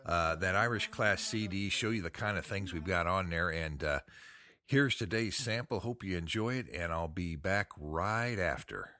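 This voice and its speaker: A man's voice: sits low, animated, normal speed, bright, forceful tone, dry recording. An American man hosting a podcast, chatting in a folksy, upbeat way. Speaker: podcast host. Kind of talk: casual podcast chat.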